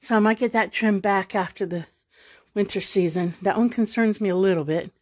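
A woman's voice: medium pitch, moderate pace, darkish tone, dry recording, studio quality. A woman talking casually and rambling to her camera while she walks outdoors around her house, musing aloud as she goes. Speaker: vlogger. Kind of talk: casual walk-and-talk vlog.

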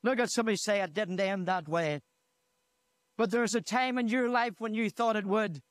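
A man's voice: high-pitched, moderate pace, dry recording. A man from Northern Ireland preaching a sermon in a church, retelling a story with repeated "he said" and rising to fervent emphasis. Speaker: pastor. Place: church hall. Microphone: handheld microphone.

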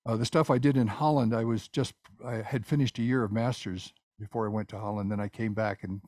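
An older man, a composer, explaining his work and answering questions in a halting, rambling way with many restarts, over a video call. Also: on the low side, steady tone, a little mellow, no room sound, studio quality. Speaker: guest speaker, composer. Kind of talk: casual presentation and Q&A.

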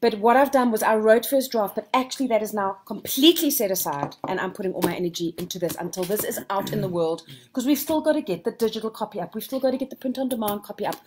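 A woman's voice: medium pitch, fast talker, hardly any pauses, a little hiss or hum. Chatty woman telling anecdotes. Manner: lively storyteller, retells conversations. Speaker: co-host and author. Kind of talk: casual conversation to a writing group.

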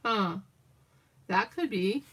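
A woman's voice: mid-range voice, animated, slow pace, fairly bright tone, breathy edge. An older woman hosting a crafting livestream, chatting in a meandering way while she cuts out pictures and reads a children's story aloud.

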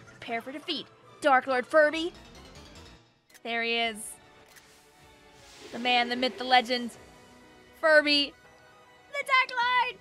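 A woman hosting a gaming channel, giving excitable, joking let's-play commentary and talking to the characters on screen. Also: high-pitched, slow, pauses often, faint music behind.

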